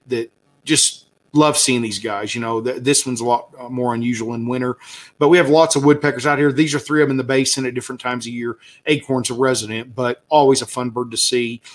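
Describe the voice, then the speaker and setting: With a medium-pitched voice, a man from the Southern United States leads a relaxed slide talk about birds as a guide. He rambles excitedly, using lots of fillers and starting over often.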